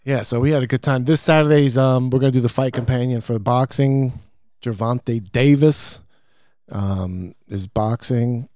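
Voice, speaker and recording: A man's voice: mid-range voice, moderate pace, a little mellow, no echo, studio quality. A man hosting a podcast, telling stories in casual chat with lots of swearing and laughter. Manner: swearing, storytelling, laughing often. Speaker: podcast host. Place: studio.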